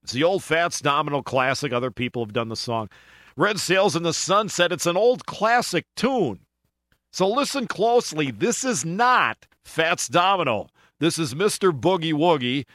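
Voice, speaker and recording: Male radio host, casual and folksy, with a bright, pushy tone and a dry, close sound. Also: a little high, animated, moderate pace, no room sound. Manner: chatty, folksy, with asides and laughs.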